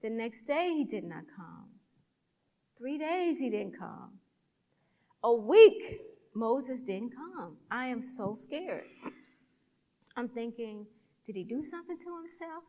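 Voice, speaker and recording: A woman's voice: on the high side, sing-song, slow, long pauses, warm tone, in a large hall. A woman speaker at a church event, telling a personal story in a sermon and acting out the dialogue with animation.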